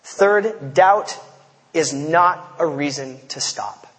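Male pastor, casual sermon delivery with slangy asides, light high voice, hall echo. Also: slow. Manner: conversational, storytelling, slangy asides. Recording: long hall reverb.

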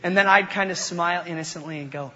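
A young male pastor with a high voice delivers a sermon, blending scripture teaching with playful, self-mocking childhood stories and quick voice changes. The sound is dull in a reverberant hall, with background noise.

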